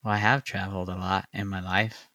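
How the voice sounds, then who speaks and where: A man from Arizona co-hosting a podcast, chatting casually with a dry, deadpan humor. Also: low-pitched, a little fast, no room sound. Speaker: podcast co-host. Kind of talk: casual chat.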